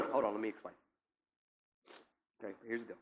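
A man preaching a teaching sermon in a conversational way, often checking in with listeners and now and then coughing or clearing his throat. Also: lowish voice, expressive, moderate pace. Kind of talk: sermon teaching with scripture reading.

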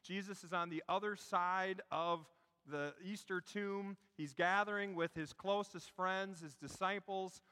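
A male pastor delivers a sermon in a high, bright tone. He shifts between animated storytelling and quiet, hushed emphasis. His voice carries a long reverb, like a church sanctuary. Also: unhurried, clear, resonant tone. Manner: storytelling preacher, dropping to a hush for emphasis.

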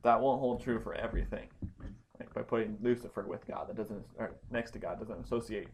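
A man's voice: fairly low pitch, steady tone, fairly quick, creaky, slight background noise. A man teaching a Bible study lesson, explaining Greek grammar step by step with frequent ums and restarts.

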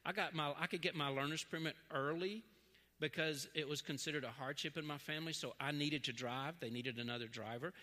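A man's voice: a little high, a little fast. A middle-aged man preaching a sermon, telling stories and acting out the voices in them. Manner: animated storytelling, acts out dialogue. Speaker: pastor. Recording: long hall reverb.

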